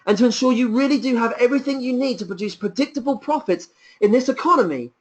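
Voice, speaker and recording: A man presenting a sales pitch on a webinar, enthusiastic and persuasive, piling up rhetorical questions. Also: fast talker.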